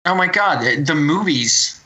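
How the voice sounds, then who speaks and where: A man's voice: fairly high pitch, expressive, a little slow, bright, forceful tone, husky, highs cut off. A man co-hosting a podcast in casual chat, rambling and circling back as he talks. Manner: rambling, full of fillers and restarts. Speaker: podcast co-host.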